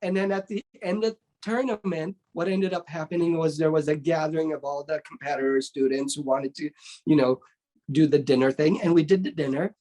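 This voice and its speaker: A man's voice: fairly high pitch, brisk. A middle-aged man, a martial arts instructor, telling a story in a casual interview. He acts out the voices of the people in it and keeps asking "right?". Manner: animated, acts out quoted voices, often ends with "right?".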